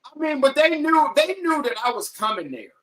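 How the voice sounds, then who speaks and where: Bright-voiced man telling a wild story. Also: extremely high pitch, normal speed, low-quality recording. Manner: animated, profane, acts out quoted lines. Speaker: podcast guest. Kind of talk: casual storytelling.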